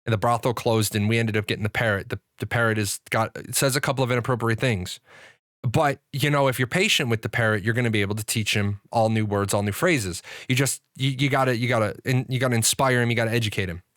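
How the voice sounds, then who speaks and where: A man's voice: mid-range voice, fairly even intonation, fast talker, a bit bright, no room sound, natural voice. Wheedling pet shop salesman, played by a man in his own voice, dry close mic. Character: pushy salesman pet store owner.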